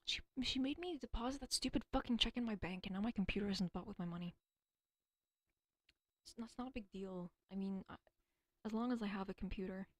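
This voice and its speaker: A woman's voice: mid-range voice, fairly quick, no echo. Rambling, swearing woman talking to herself. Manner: rambling, profane, self-deprecating; stumbles over words. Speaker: streamer. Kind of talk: casual solo rambling.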